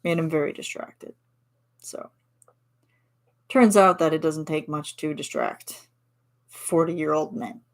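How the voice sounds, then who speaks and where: Canadian woman just chatting w her stream, giggly, kinda low voice. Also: steady tone, takes it slowly, pauses often. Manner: chatty and giggly, reads chat replies aloud. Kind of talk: casual chat.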